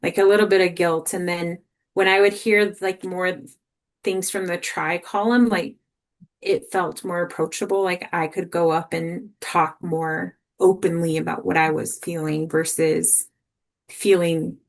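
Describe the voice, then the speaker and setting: A woman's voice: fairly low pitch, flat delivery, measured pace. A woman taking part in a workshop, talking casually and leaning on lots of "like" fillers. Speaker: workshop participant. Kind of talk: casual group discussion.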